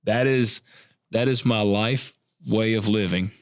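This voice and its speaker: A man co-hosting a podcast, telling stories in a relaxed, rambling way with drawn-out fillers. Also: lowish voice, dry recording, studio quality. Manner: laid-back, storytelling, drawn-out fillers. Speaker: podcast co-host. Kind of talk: casual chat.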